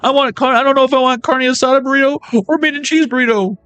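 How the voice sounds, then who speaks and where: Dude doing a high sing-songy lovestruck guy, all giddy and gushing. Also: steady tone, racing, a bit bright, clean tone, no echo, lo-fi sound, soft background music. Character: giddy lovestruck man, bubbly and eager.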